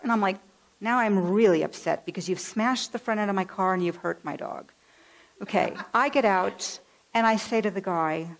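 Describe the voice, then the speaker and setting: Woman minister from California, lively storytelling sermon delivery. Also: medium pitch, normal speed, low-quality recording. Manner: animated, acts out voices in her stories. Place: church.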